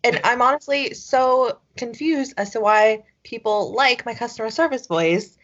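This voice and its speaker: A woman's voice: fairly high pitch, unhurried, fairly bright tone. A young woman co-hosting a podcast in casual chat, rambling with constant fillers and casual swearing. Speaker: podcast co-host. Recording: dull lo-fi podcast audio.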